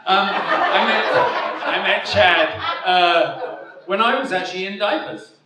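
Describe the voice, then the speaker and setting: A man's voice: sits high, slow pace, very noisy. A man in his fifties giving an after-dinner keynote speech, rambling and self-deprecating with frequent chuckles. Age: 50s. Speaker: keynote speaker. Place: indoor dinner hall. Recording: echoey hall from far off.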